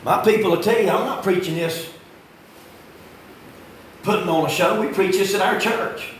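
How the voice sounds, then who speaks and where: A preacher in his fifties with a fairly high voice, heard in a very echoey church from some way off the mic. He swings from hollered lines to hushed asides. Faint room sound sits behind him. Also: moderate pace, far from the mic, slight background noise. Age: 50s. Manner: swings from shouting to low, quiet asides. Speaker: pastor. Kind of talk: fiery sermon. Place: church sanctuary.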